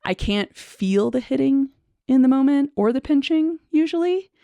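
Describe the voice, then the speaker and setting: A woman's voice: high-pitched, expressive, creaky, no room sound. Reflective woman with a dry, close sound. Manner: reflective, halting, many fillers and restarts; soft nervous laughter. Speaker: speech-language pathologist. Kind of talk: personal explanatory talk to camera.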